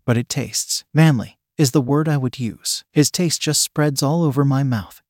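A man narrating a story in a steady first-person reading. His voice sits at an ordinary pitch, recorded close and dry. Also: normal speed, no echo. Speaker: story reader. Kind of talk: scripted narration.

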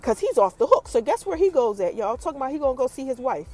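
A podcast host with a high, a little mellow voice and lively intonation chats through a TV episode recap, faint music behind her. She talks right to her listeners, dropping quick asides along the way.

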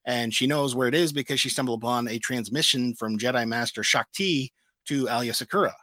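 A man co-hosting a casual pop-culture show, reading out news items in a relaxed, filler-heavy way. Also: mid-range voice, fairly quick, no echo. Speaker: co-host. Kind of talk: casual chat about comic and pop news.

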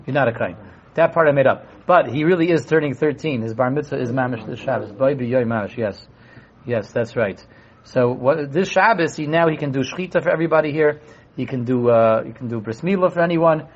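A man teaching a Torah class to a live group, animated, asking rhetorical questions and acting out voices. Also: medium pitch, fairly quick. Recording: dull lo-fi room recording.

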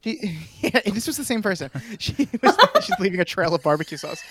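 A man's voice: high-pitched, very animated, fairly quick, a bit bright. A young man in his twenties, a podcast co-host, telling a story in casual chat and laughing often as he goes.

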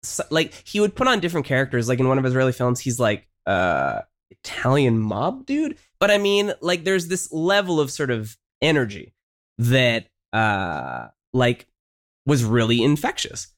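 A man's voice: medium pitch, normal speed. A male podcast co-host chatting casually and peppering his talk with fillers. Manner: animated, lots of fillers like "like" and "uh". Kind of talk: casual chat.

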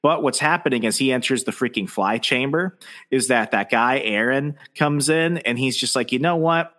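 A man's voice: medium pitch, moderate pace, bright, forceful tone. A man co-hosting a podcast, casually recapping a comic with loose, profane storytelling. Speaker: podcast co-host. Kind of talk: casual comic book discussion.

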